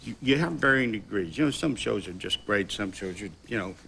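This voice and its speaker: A man in his sixties, an actor guest telling animated stories with chuckles on a talk show. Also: fairly low pitch, brisk, gravelly, a little hiss or hum.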